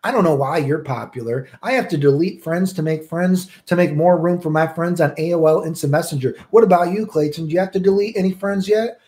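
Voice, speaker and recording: A man's voice: on the high side, a little fast, few pauses, darkish tone, pitched above the performer's own voice, natural voice. A man voicing a smug, bragging teenage boy from church who needles him about popularity. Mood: smug needling. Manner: boastful, needling.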